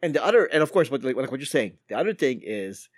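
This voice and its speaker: A man's voice: mid-range voice, big pitch swings, rapid-fire, husky, no echo, clean studio sound. A man co-hosting a podcast in casual chat. He leads the topics and often agrees with "correct.". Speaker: podcast co-host.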